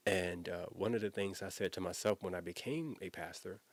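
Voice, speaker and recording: A former youth pastor tells a personal story in a low, brisk voice with no echo. He speaks earnestly and emotionally, conversational in tone, and often repeats himself.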